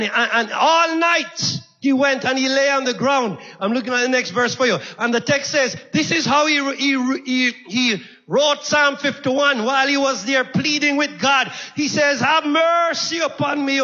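A man's voice: extremely high pitch, sharp tone, big-room sound, muffled recording. A man preaching a sermon in a church, impassioned, repeating phrases and calling out to the congregation.

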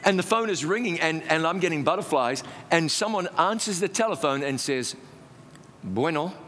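A man preaching, telling his own testimony as a lively, self-mocking story. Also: a little high, brisk, big-room sound, a little hiss or hum.

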